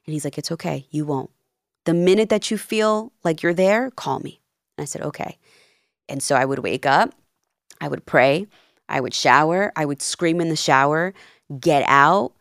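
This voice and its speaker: A woman in her thirties with a notably low voice tells her story in a casual interview. She acts out each quoted exchange with lively emphasis. The sound is dry and close. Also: moderate pace, vocal fry, pauses often, dry recording. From Peru and New Jersey. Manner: animated, acts out quoted dialogue. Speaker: podcast guest, life coach.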